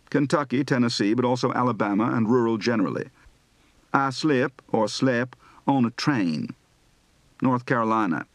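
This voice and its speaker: A man reading word lists and sentences slowly and deliberately, practicing a range of regional Southern US accents. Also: medium pitch, animated, no room sound.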